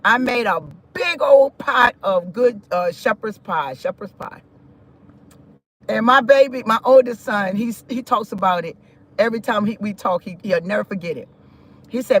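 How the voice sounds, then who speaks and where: A middle-aged woman tells a personal story on her live stream. She talks casually and with a lot of energy, breaking into laughter and sliding into preachy asides about faith. Her voice sits at a middle pitch. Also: normal speed. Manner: animated, laughs while telling stories, preachy asides.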